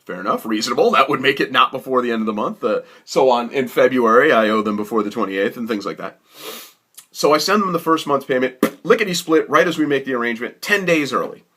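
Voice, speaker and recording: A man's voice: medium pitch, fast talker, slightly rough. A man telling a comic personal story in a rambling, exasperated way. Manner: animated, rambling, exasperated retelling.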